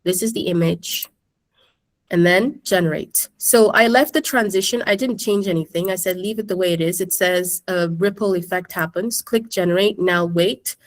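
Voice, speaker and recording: A woman's voice: lowish voice, moderate pace. A woman teacher giving a casual screen-share tutorial in a classroom, chatting and checking in with her students. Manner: chatty, keeps addressing the class.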